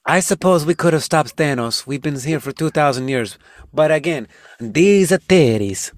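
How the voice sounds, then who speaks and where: A man voicing a parody of a sultry actress in a fake Italian accent, slow and exaggerated. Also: on the high side, expressive, no echo, clean studio sound, natural voice. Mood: mocking.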